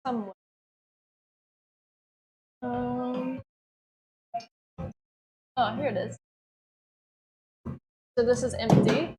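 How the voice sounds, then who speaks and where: A woman's voice: fairly high pitch, steady tone, very slow, pauses often, mellow, soft background music, low-quality recording. A woman from England, chatting casually in a tattoo studio with short, playful replies. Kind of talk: casual chat.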